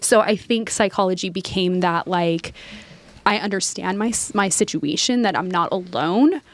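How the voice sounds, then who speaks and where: A woman guest on an interview podcast, sharing her life story in a lively way with frequent laughter. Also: on the low side, moderate pace. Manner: animated, laughs often, reenacts dialogue. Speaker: guest author. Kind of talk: candid personal storytelling.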